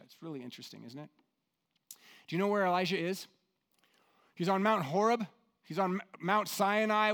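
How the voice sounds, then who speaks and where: High-voiced animated male preacher. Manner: animated storyteller, acts out quotes, drops to soft hushed tones. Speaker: pastor. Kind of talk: sermon with storytelling.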